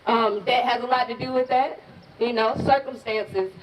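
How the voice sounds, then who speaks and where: Woman organizer hyping a crowd, voice gone hoarse, far off, crowd noise all around. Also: a little high, fairly even intonation, normal speed, highs cut off. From Pensacola, Florida, US. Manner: rousing, folksy, calls out to the crowd. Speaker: regional organizer at a rally. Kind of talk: rally speech with call-and-response chants. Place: outdoor protest rally. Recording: distant outdoor crowd recording.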